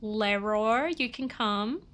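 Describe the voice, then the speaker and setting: A young woman streams a game and chats bubbly with her viewers. Her nose is stuffy and she sniffles between lines. Her voice is bright and a little high, and she talks at a slow, easy pace. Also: a little hiss or hum. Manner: chatty, bubbly, talks to chat. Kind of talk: casual live-stream chat.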